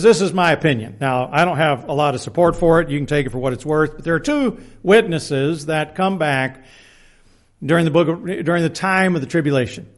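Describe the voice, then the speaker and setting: A man preaching a Bible lesson, reading verses aloud and adding plain-spoken personal asides, often restarting his words. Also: on the high side. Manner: reads scripture aloud, plain-spoken, self-deprecating asides. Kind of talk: Bible teaching sermon.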